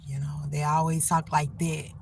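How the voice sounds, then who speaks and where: Low-voiced woman musing earnestly on faith. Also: flat delivery, normal speed, gravelly, slight background noise. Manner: rambling, faith-filled encouragement; plain-spoken, earnest. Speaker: livestreamer. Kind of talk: casual livestream monologue.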